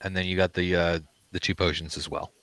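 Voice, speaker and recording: A man's voice: sits low, fairly even intonation, fairly quick, background noise. A man narrating as game master, describing scenes in a loose, conversational way.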